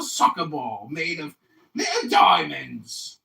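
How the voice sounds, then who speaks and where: A man in his forties from the United States, a political candidate shouting taunts and insults in a heated online argument. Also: very high voice, very animated, measured pace, echoey room, distant mic, heavy background noise. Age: 40s.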